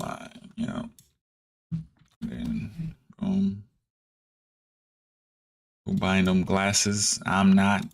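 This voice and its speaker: A man's voice: on the low side, vocal fry. A man casually talking to himself as he reads trading charts, muttering and dropping playful slang asides. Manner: mutters and talks to himself, hums. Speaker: trader streaming his charts.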